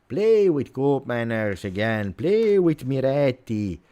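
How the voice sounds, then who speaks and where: A man's voice: on the low side, wildly swooping pitch, slow, hardly any pauses, mellow. A man with an Italian accent hosting a live football reaction, ranting angrily and repeating himself. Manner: angry, repetitive ranting. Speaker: fan channel host.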